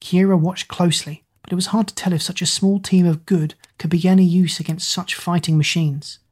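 A woman narrating a dramatic fantasy story aloud in a steady, dramatic way. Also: on the low side, brisk, slightly rough. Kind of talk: storybook reading.

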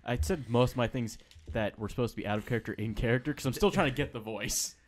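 A man's voice: medium pitch, fast talker. Dry-joking man player at a tabletop game. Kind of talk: casual chat over a tabletop game.

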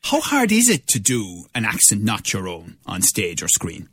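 A man hosting a radio discussion, asking guests questions in a relaxed, chatty way. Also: on the low side, moderate pace, breathy edge, no echo. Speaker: radio host.

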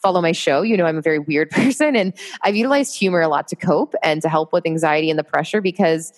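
A woman's voice: low voice, fast. A woman guest chatting on a podcast, upbeat and motivational, laughing often. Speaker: podcast guest, marketing entrepreneur. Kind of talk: casual interview chat.

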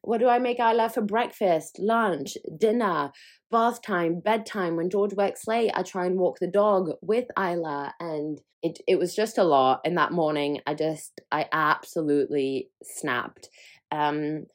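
Young woman, podcast host, candid chat, laughs a lot, swears, lowish voice. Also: a little slow. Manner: frank and chatty, laughs often, swears freely.

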